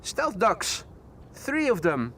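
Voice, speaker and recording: A chatty, playful man with a high voice hosts a live plane-spotting stream from the waterside. He greets viewers and calls out arriving aircraft, and loud traffic rumbles steadily behind him. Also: huge pitch swings, takes it slowly. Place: outdoors beside water near an airport. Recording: loud outdoor traffic noise.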